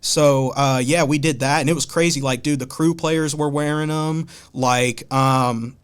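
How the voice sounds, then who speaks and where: A man from Ohio, a podcast guest, telling stories in a relaxed, slangy way. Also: a little high, a little slow, clear, resonant tone. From Columbus, Ohio. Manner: laid-back, slangy storytelling. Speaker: podcast guest, hat designer. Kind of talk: casual conversation.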